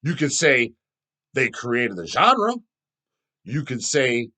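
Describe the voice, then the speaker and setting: A man's voice: medium pitch, very animated, slow, pauses often, bright, forceful tone. Profane, heated middle-aged man ranting. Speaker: channel host. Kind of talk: ranting solo vlog.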